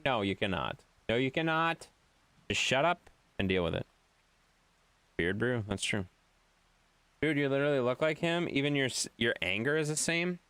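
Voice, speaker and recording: Sex: man. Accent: Wisconsin. Role: game streamer. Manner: mock-exasperated, lively pitch. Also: normal speed, pauses often, clean tone, dry recording. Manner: playful, mock-exasperated, reads and answers chat. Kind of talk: live-stream chat banter.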